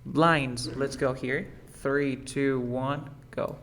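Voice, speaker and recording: A man's voice: medium pitch, fairly even intonation, very slow, a bit bright. A man who is a native Spanish speaker teaching English pronunciation, patiently repeating words for a student to drill. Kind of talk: one-on-one pronunciation lesson.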